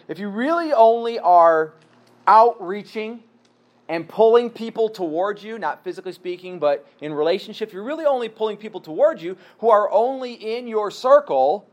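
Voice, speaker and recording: A man's voice: high-pitched, muffled recording. A man giving a sermon in an earnest, conversational way, asking his listeners rhetorical questions. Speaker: pastor.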